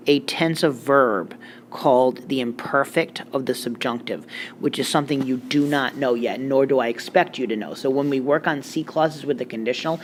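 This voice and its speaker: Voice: medium pitch, a little hiss or hum. A Spanish teacher giving a recorded grammar lecture, explaining step by step with joking asides.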